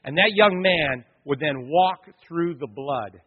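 A man's voice: on the high side, slow, husky. A male pastor preaching a sermon, telling a story with drama and speaking straight to his congregation. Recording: dull lo-fi sound with long hall reverb.

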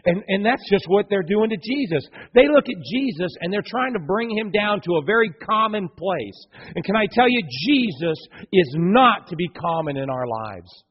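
Animated high-voiced preacher in a reverberant church. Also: male voice, moderate pace, breathy edge. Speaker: pastor. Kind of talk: sermon. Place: church sanctuary. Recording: dull lo-fi church hall reverb.

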